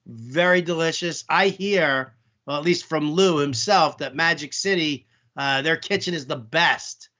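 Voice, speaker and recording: High, bright-voiced man joking around. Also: unhurried, dull audio. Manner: rambling, filler-heavy, joking. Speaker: podcast co-host. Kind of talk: casual banter.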